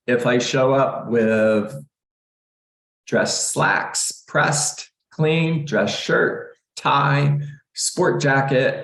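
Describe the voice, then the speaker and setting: Man, low voice, middle-aged coach, energetic, joking, echoey room. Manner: energetic, joking, acts out scripts. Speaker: real estate coach. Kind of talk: live training session, coaching agents.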